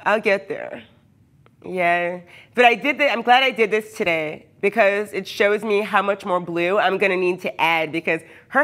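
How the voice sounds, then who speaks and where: A woman's voice: mid-range voice, fairly bright tone. A hyper, chatty woman who often laughs, talking casually with her live viewers from her workshop. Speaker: cosplayer streaming live. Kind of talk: casual livestream chat with viewers.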